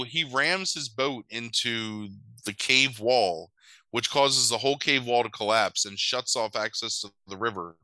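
Here a man with a mid-range, sharp-toned voice talks at normal speed on a rough recording with no echo. A podcast host recapping a movie in casual chat, he swears and mimics the characters' lines in mock voices.

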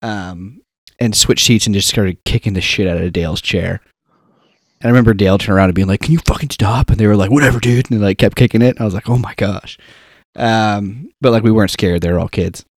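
A young man chatting casually with friends, telling an animated story and acting out the quotes. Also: lowish voice, fairly quick, no echo, clean studio sound. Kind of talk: casual chat.

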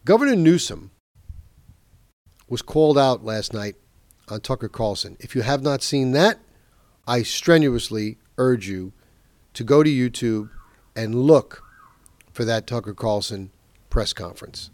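A man's voice: medium pitch, lively intonation, unhurried, long pauses, darkish tone, dry recording. A man hosting a political talk show, speaking in an emphatic, indignant monologue and leaning hard on key words. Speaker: talk radio host.

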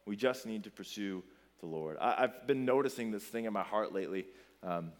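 A man in his thirties preaching a sermon in a church, conversational and animated as he tells stories and addresses parents. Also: lowish voice, a little fast. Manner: conversational storytelling, animated and emphatic. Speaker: pastor.

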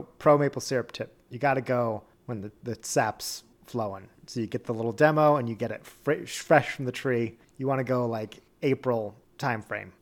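A man co-hosting a casual beer podcast, rambling and correcting himself as he describes a beer. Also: medium pitch. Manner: rambling, self-correcting, laughs often. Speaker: podcast co-host. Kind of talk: casual beer-tasting chat.

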